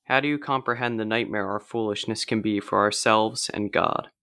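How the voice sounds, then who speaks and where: A man reading a story aloud during a church service, even and reflective. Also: lowish voice, normal speed, no room sound, studio quality. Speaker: liturgy reader.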